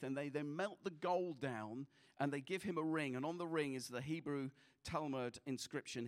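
A man preaching a sermon as a pastor, earnest, often repeating his words, moving between passionate exhortation and quiet prayer. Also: fairly high pitch.

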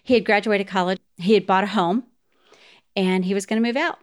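A woman's voice: mid-range voice, steady tone, a little fast. A middle-aged woman hosting a podcast, telling a personal story in a heartfelt way and speaking straight to her listeners. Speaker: podcast host.

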